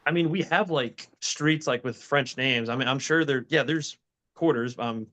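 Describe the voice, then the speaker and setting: A man's voice: medium pitch, moderate pace, fairly bright tone. A man in his twenties from Indiana, raised on the Gulf Coast, chatting as a guest in an easygoing, self-deprecating way with hesitant fillers. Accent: mixed Southern and Midwestern. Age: 20s. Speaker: guest, band member. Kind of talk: casual chat.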